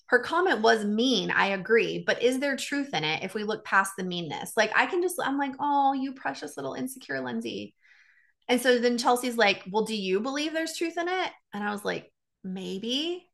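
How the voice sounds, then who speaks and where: Speaking solo with vocal fry at a medium pitch, a woman who works as a coach candidly recounts a talk with a friend. She brings it to life by quoting each side of the exchange.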